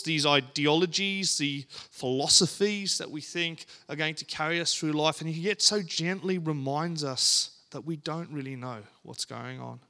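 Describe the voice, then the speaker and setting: This man's voice sits fairly high, pushed and bright, as he delivers a sermon and reads scripture aloud. His delivery is earnest and deliberate, marked by dramatic pauses and emphatic rises in pitch.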